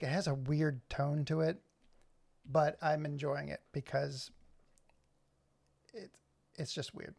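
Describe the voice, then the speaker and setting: A man's voice: on the high side, vocal fry, darkish tone. A man hosting a casual live stream from his computer, rambling and joking as he talks to his chat. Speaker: livestream host.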